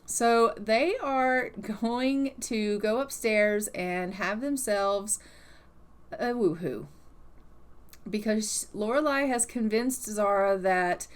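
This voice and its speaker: A woman giving casual, rambling commentary on a life-sim game she is playing, often hedging her thoughts. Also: mid-range voice. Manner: chatty and rambling, hedges often.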